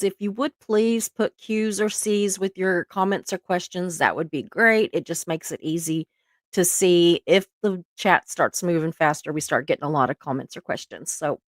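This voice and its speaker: A woman's voice: lowish voice, no room sound, clean studio sound. A woman with a Southern US accent from Georgia, hosting a livestream in a rambling, casual, chatty way. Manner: rambling and chatty, says "y'all" often. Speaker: livestream host. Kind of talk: casual chat to a live audience.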